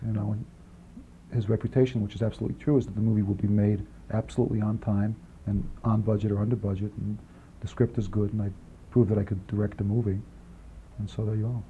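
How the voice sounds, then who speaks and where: Fast-talking man on dull archival tape. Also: fairly low pitch, little pitch movement, dark tone. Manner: rapid, rambling, many restarts and asides. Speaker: film writer and director, interview guest. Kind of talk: studio interview answers. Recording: dull archival 1980s interview tape, faint hiss.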